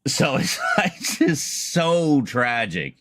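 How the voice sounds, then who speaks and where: A man's voice: medium pitch, very animated, extremely slow, background noise. A man streaming a casual chat, telling a long story in a rambling way with laughs and restarts.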